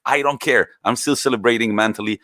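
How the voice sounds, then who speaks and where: A man co-hosting a casual football podcast, animated and swearing freely as he retells stories. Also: medium pitch, quick pace, dry recording, clean studio sound. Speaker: podcast co-host.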